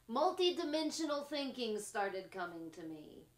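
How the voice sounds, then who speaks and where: A woman talks in a very slow, drawn-out way, musing in short fragments and laughing softly between her thoughts. Her voice sits at an ordinary pitch and carries the echo of a bare room. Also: sing-song. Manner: slow, musing, trailing phrases with frequent laughs. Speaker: podcast host. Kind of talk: reflective spiritual monologue.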